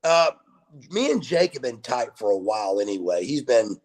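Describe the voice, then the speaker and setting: A man in his fifties, a guest on a video call, telling stories in a casual, animated way and swearing freely. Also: mid-range voice, moderate pace. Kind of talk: casual storytelling interview.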